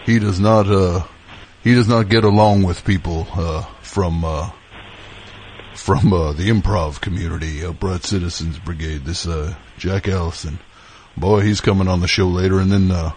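A folksy country radio-style host, as a man puts him on, low and drawling. He rambles on with plenty of "boy" and "uh" between words. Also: fairly even intonation, normal speed, darkish tone, slight background noise, close to an everyday voice.

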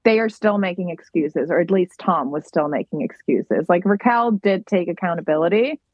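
A young woman guest in a casual chat, talking bluntly and quickly with strong opinions. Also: on the low side, no echo, lo-fi sound. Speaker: podcast guest.

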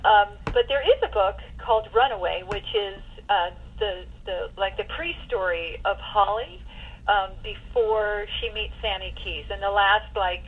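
A woman's voice: medium pitch, a little slow, husky, phone-quality sound. A woman author chatting in an interview, enthusiastic and playful. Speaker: children's book author. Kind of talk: casual interview chat. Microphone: remote call.

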